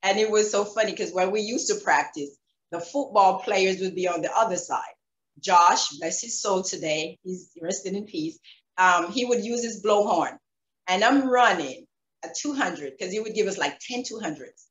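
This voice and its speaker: A woman with a Jamaican accent, a former track athlete telling stories in an interview, animated and laughing, acting out quotes. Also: mid-range voice, moderate pace, reverberant, rough recording. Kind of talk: reflective interview storytelling.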